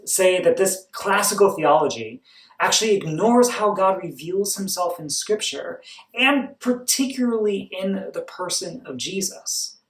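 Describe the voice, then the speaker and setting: Pastor teaching from across a roomy space, a man. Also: fairly high pitch. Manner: explanatory, conversational teaching tone. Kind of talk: sermon. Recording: roomy, from a distance to the mic.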